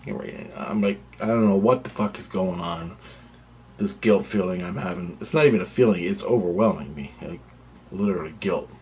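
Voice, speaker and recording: A man's voice: sits low, fairly quick, darkish tone, a little hiss or hum. A man telling a personal story in a rambling, repetitive way, swearing freely. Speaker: vlogger. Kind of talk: casual spoken storytelling.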